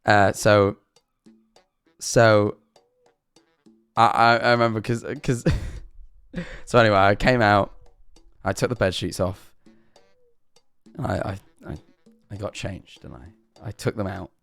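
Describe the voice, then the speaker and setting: A man's voice: fairly low pitch, steady tone, takes it slowly, gravelly, long pauses, fairly bright tone, clean tone, no echo, faint music behind. Rambling young man telling a story. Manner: rambling, self-deprecating, frequent restarts and "all right?". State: sore throat, coughing. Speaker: streamer. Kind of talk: casual storytelling to chat.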